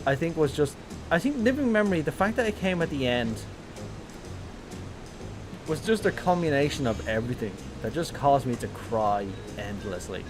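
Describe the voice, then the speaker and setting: A man's voice: a little high, big pitch swings, normal speed. A man streaming a game, talking candidly and emotionally, with casual swearing. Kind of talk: casual live-stream commentary. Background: game music.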